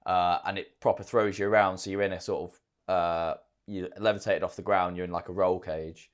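Casting: low-pitched man, podcast co-host, easygoing and chatty, tells stories with energy. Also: normal speed. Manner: chatty, animated storytelling. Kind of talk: casual chat.

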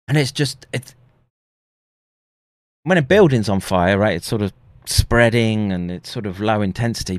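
A man's voice: on the low side, no room sound. A middle-aged man live streaming, telling a story in casual, rambling speech full of swearing and restarts. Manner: profane, rambling, many restarts.

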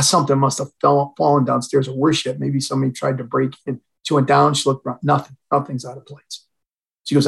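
An older Illinois man, a retired fire chief, tells a personal story as a podcast guest, acting out the dialogue as he goes. His medium-pitched voice is gravelly and slightly rough, and the recording quality is low.

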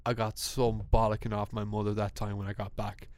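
Young irish guy telling a story on a podcast, keeps laughing and restarting, clear voice, dry close mic. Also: on the low side, fairly quick, no room sound. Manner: animated, laughing, many restarts. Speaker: podcast co-host. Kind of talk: casual storytelling chat.

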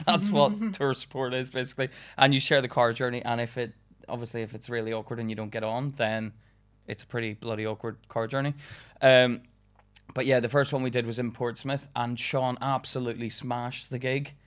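A young man from England talks in a casual podcast chat as a guest comedian. His voice sits at an ordinary middle pitch, and he rambles through stories with frequent laughter and the odd swear word. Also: brisk.

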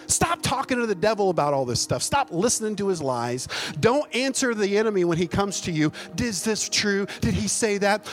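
A man preaching a sermon as a pastor, folksy and emphatic, joking as he goes. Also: high-pitched. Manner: folksy, emphatic, jokes and laughs mid-preaching.

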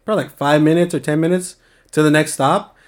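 Speaking at a quick pace with a steady tone, this young man's voice runs a little high. He's from the San Francisco Bay Area and is casually telling a story, relaxed and full of slang and frequent swearing.

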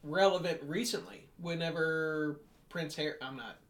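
A man's voice: on the high side, normal speed, echoey room, a loud crowd. A man co-hosting a casual podcast chat, speaking in a dry, wry way. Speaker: podcast co-host.

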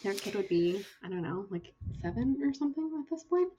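A young woman co-hosting a casual book podcast, retelling chapters in a chatty, lively way with lots of fillers. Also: medium pitch, fairly quick, slightly rough. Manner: chatty, animated storytelling with fillers. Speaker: podcast co-host.

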